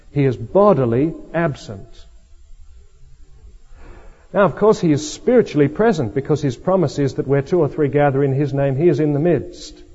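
A man preaching a sermon, teaching in a measured way with dry asides. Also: mid-range voice, mellow, slightly rough. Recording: lo-fi hall recording.

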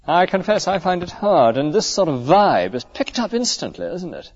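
A man's voice: fairly high pitch, very animated, brisk. Clergyman preaching on dull lo-fi tape. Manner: earnest, conversational preaching with rhetorical questions. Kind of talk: sermon.

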